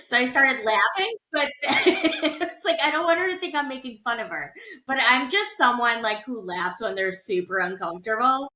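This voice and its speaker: A woman's voice: fairly high pitch, expressive, moderate pace, pushed and bright. A woman co-hosting a podcast, talking casually and hesitantly, with many fillers. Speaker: podcast co-host. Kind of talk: casual conversation. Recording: echoey room.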